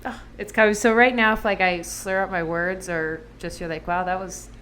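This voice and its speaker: A woman's voice: medium pitch, moderate pace, a bit bright. A woman co-hosting a podcast in casual chat, talking loosely with lots of fillers while recovering from surgery and still on medication. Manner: chatty, lots of "like" fillers, laughs often. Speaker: podcast co-host.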